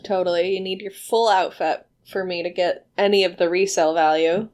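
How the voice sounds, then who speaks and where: A woman's voice: lowish voice, steady tone, fairly quick, a little mellow. A woman chatting casually while watching a film, swearing freely and laughing often. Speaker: movie watch-along co-host. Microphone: headphones with mic.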